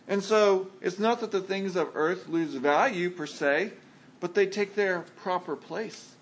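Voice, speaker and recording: A man's voice: high voice, fairly bright tone. A man preaching a sermon earnestly, acting out the voices of imagined people in his stories. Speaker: pastor.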